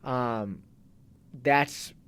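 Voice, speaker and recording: A man's voice: medium pitch, drawn-out words, fairly bright tone, clean tone. A man in a casual interview talks as a fitness coach in a mid-range voice. His talk is loose and rambling. He often breaks off and restarts his sentences. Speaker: guest, fitness and kettlebell coach.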